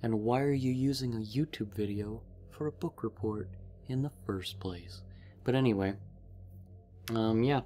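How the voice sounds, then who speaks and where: A man's voice: medium pitch, a little slow, mellow, soft background music. A man rambling casually through a book recap as a vlogger, with many fillers.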